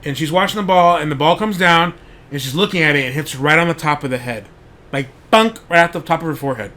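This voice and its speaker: Man, podcast host, casual rambling monologue, swears a lot, bright, fairly high voice. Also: fast talker. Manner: rambling, heavy on "like", swears freely.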